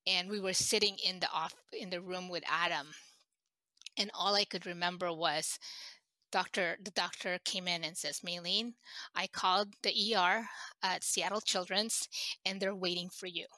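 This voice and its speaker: A middle-aged woman recounting a painful family story in an interview, halting and emotional with many restarts. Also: fairly low pitch, steady tone, bright, forceful tone, dry recording. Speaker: guest.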